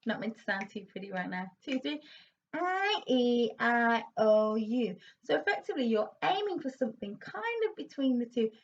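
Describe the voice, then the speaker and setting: A woman vocal coach leading a warm-up lesson, counting in and demonstrating exercises with encouraging remarks. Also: fairly high pitch, animated, fast talker, gravelly, hardly any pauses, highs cut off, a little hiss or hum.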